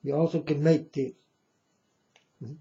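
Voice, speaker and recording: A man hosting his own channel delivers a blunt, scornful, preachy rant in a dull lo-fi recording. His voice sits on the high side, with a steady tone, a slightly slow pace, a creaky quality, and warmth.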